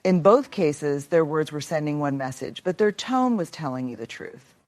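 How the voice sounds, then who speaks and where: Woman narrator with a low voice, measured delivery that leans on key words, scripted motivational talk. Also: expressive, darkish tone.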